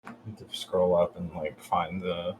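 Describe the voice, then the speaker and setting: A man's voice: low-pitched, level tone, normal speed, a crowd in the background, poor audio. A man playing in a casual tabletop game, making crude offhand jokes and laughing between questions. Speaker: player.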